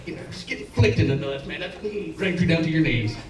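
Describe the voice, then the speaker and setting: A man's voice: fairly high pitch, lively intonation, fast. A man with a Southern accent doing a stand-up set in a comedy club, rambling and stammering through restarts, swearing and chuckling at his own lines. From Alabama and Tennessee. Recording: roomy club sound, from a distance.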